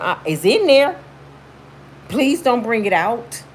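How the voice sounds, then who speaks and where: A husky, fairly high-pitched woman speaks at a measured pace as she vlogs a story. Her style is casual, blunt and slangy, with animated emphasis and shrieked impressions of what people said.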